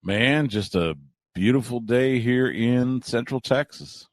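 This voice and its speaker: A man in Central Texas talking as a guest on a radio wrestling show, relaxed and rambling, often restarting his sentences. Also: mid-range voice, slow pace, no echo. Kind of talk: casual chat.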